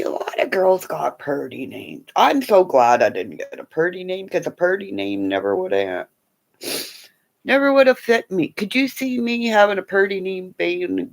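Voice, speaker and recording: Woman livestreamer, rambling chat, swooping up and down in pitch, soft whispered asides. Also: vocal fry. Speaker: livestream host.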